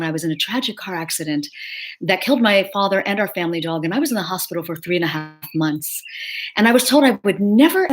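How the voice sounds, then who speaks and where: A middle-aged woman giving an earnest, emotional personal testimony, slowing down for emphasis. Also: medium pitch. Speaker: speaker sharing a personal story.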